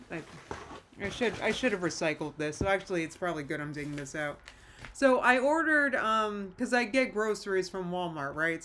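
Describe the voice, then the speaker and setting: A woman with a mid-range, fairly bright voice hosts a casual livestream chat with viewers. Nostalgic and emotional, she rambles, reads comments aloud and restarts her sentences.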